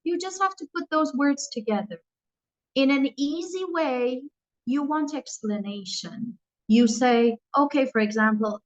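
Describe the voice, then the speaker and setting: A woman in her thirties, born in Iran and raised in England, with an English accent, speaking as an English teacher who answers students' questions with lively, encouraging examples. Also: high-pitched, measured pace, muffled recording. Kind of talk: online Q&A with students.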